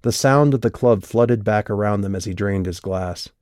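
With a low voice and a steady, measured delivery, a male narrator reads scripted audiobook narration. The recording is dry and close, with no room sound around it.

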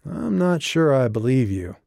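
A man voicing a calm, wry small-town sheriff who speaks in a measured, dry way. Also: medium pitch, vocal fry, dry recording, pitched above the performer's own voice.

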